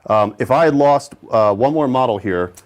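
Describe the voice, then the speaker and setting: A man's voice: mid-range voice, expressive, normal speed. A man playing a tabletop game, chatting casually and explaining rules. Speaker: player. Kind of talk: casual chat.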